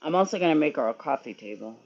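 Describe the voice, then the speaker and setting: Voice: medium pitch, lively intonation, quick pace, muffled recording. Sleepy, profane livestreamer in a garage. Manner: rambling, profane, talks to chat while working. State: sleepy, keeps yawning. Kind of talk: casual livestream chat. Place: garage, working on furniture.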